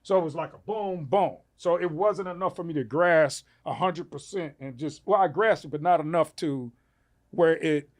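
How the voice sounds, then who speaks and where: A man's voice: normal speed, dry recording. A man telling a long personal story on a comedy podcast, acting out the lines of the people in it. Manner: animated, acts out quotes with rising pitch. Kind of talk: casual storytelling.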